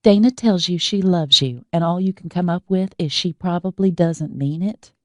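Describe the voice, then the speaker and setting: A woman's voice: moderate pace, dry recording, clean studio sound, natural voice. A woman voicing an outspoken, exasperated young woman who makes indignant demands in an audiobook. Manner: indignant, demanding, shrill peaks.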